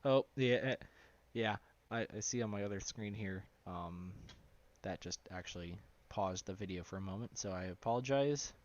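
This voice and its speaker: A man talking loosely through a live-streamed software tutorial, with lots of fillers and asides. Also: fairly low pitch, moderate pace. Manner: loose and rambling, with many fillers. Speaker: live streamer teaching 3D simulation. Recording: dull, lo-fi sound.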